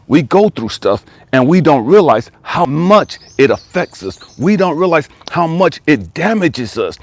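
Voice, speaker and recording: Life coach guy, emphatic, keeps repeating himself, voice a bit high, dry close sound. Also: no echo. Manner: emphatic, repetitive, builds intensity. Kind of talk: motivational storytelling talk.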